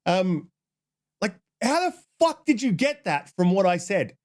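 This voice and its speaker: A man with a high-pitched voice hosts his channel, worked up and exasperated. He swears freely as he picks apart an online argument, dropping into a flatter tone when he reads the other side's tweets aloud. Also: a little slow. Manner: heated, profane, exasperated. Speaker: channel host. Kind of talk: ranting commentary.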